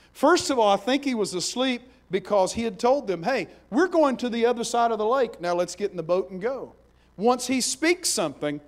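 A man preaches a sermon in a high voice. He moves between hushed, slow passages and loud, emphatic bursts. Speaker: pastor.

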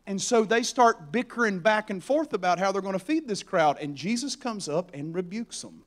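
Animated high-voiced preacher man. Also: moderate pace, few pauses. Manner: animated, acts out biblical voices in a storytelling way. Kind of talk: sermon.

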